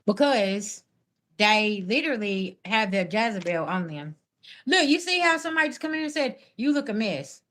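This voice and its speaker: A woman's voice: mid-range voice, lively intonation, normal speed, fairly bright tone. A woman, chatting casually on a live stream as a spiritual reader and answering viewers' comments in a sassy, blunt way. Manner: sassy, blunt, talks straight back at chat comments.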